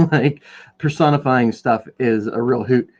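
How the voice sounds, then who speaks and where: A man's voice: medium pitch, unhurried, darkish tone, lo-fi sound. A man hosting a podcast in a casual, rambling chat while he paints, joking at his own expense. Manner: rambling, jokey, self-deprecating. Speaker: podcast host.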